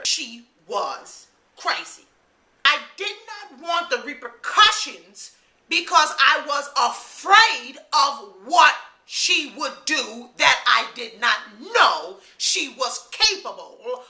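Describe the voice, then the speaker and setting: A woman vlogging her opinion in a fiery, preachy way, sometimes bursting into loud mocking voices. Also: sits high. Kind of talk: animated opinion monologue. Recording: echoey room.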